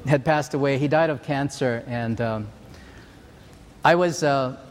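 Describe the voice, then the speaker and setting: A man's voice: mid-range voice, slight background noise. Preacher in his sixties, long hall echo. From Hawaii. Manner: storytelling preacher, earnest and measured. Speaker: pastor. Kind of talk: sermon.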